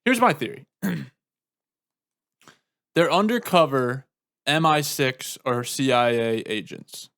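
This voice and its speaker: A man's voice: mid-range voice, big pitch swings, slow pace, pauses often, a bit bright, no echo, clean studio sound. A man co-hosting a casual podcast, talking in an easygoing, rambling way with lots of "I mean". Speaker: podcast co-host. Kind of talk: casual chat.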